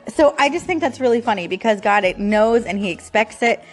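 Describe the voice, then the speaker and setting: A woman's voice: on the high side, animated, fairly quick. Chatty woman with faint music behind. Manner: chatty, laughs often, many fillers. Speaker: podcast host. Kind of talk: casual devotional talk.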